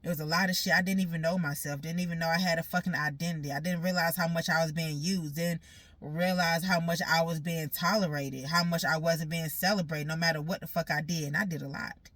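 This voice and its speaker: A woman talks through a raw personal monologue in a bright, forceful voice. She is blunt and profane, circling back to repeat her points, and sounds hurt. The sound is close and dry. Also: deep voice, fairly even intonation, brisk, no echo.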